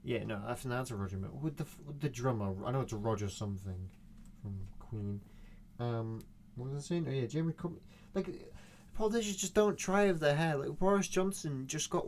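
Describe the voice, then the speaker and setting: A man's voice: mid-range voice, fairly quick, slight background noise. Swearing, rambling young man. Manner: profane, meandering, animated rants. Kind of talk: rambling solo monologue.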